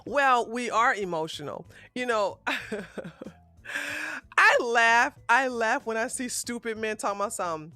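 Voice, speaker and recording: A woman giving blunt, profane livestream commentary in a casual, animated way, close to the mic. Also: on the high side, unhurried, no room sound. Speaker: commentary streamer.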